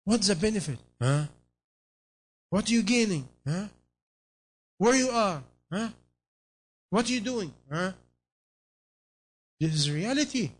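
Man, high voice, sermon, emphatic rhetorical questions, non-native English phrasing. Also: expressive, takes it slowly, long pauses, breathy edge. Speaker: preacher.

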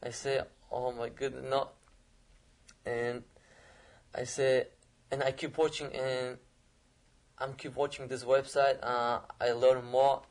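Earnest man with flat, halting speech. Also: medium pitch. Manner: halting, searching for words, repeats phrases; earnest and emotional. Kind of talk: personal testimony.

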